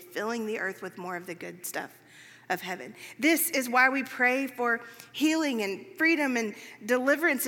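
A woman preaching in a relaxed, storytelling way. Her voice sits high and sounds bright and clear. A long hall reverb trails behind her words. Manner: conversational storytelling, lively, many fillers. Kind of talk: sermon.

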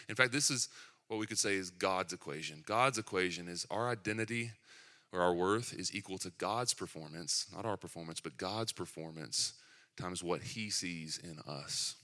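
Here a middle-aged man gives a church sermon as pastor, chatty and joking between points, with self-deprecating remarks about his kids. His sharp-toned voice sits low and moves at a moderate pace.

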